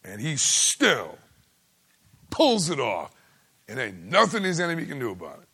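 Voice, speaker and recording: Animated husky preacher. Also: male voice, mid-range voice, measured pace. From United States. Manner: animated, folksy, swings between loud exclaiming and hushed asides. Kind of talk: sermon.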